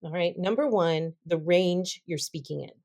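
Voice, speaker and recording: A woman's voice: lowish voice, normal speed, creaky, a little mellow. A woman, a vocal health expert guest on a podcast, explaining and demonstrating speaking habits, often checking in with "okay?". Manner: demonstrates voices while teaching, says "okay?" often.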